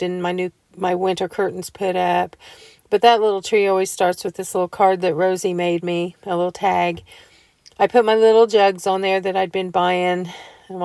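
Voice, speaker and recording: A woman's voice: fairly low pitch, gravelly, darkish tone, smooth, dry recording. A woman chatting casually to viewers about decorating her home, telling homey stories and laughing often.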